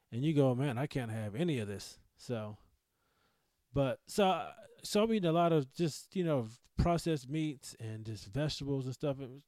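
A man with a dark, mellow voice tells a long personal story in a loose, rambling podcast monologue. He swears freely and keeps restarting his sentences, and the recording is dry and close. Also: a little high, dry recording. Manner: rambling, profane, full of restarts. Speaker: podcast host.

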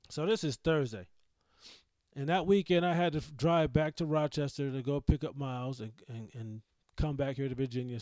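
A man with a dark, mellow voice tells a long personal story in a loose, rambling podcast monologue. He swears freely and keeps restarting his sentences, and the recording is dry and close. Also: medium pitch, no room sound. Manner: rambling, profane, full of restarts. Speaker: podcast host.

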